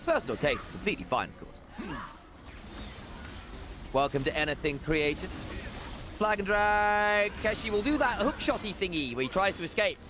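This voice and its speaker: Lively esports caster, game music. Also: male voice, fairly high pitch. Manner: excitable, jokey, rapid shifts from chatty to shouting. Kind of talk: live play-by-play commentary.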